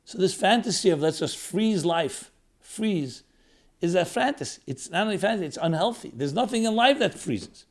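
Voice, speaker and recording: Higher-voiced rabbi musing in short phrases. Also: male voice, expressive, normal speed. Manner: reflective, builds lists of short phrases, rises and falls in emphasis. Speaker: rabbi, lecturer. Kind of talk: spiritual talk.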